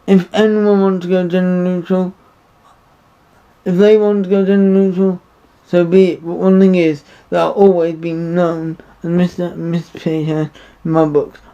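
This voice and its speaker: A man's voice: sits high, level tone, moderate pace, dark tone, smooth. A man giving a rambling, indignant opinion monologue to camera. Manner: rambling, repeats himself, indignant. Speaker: vlogger. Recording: dull lo-fi recording.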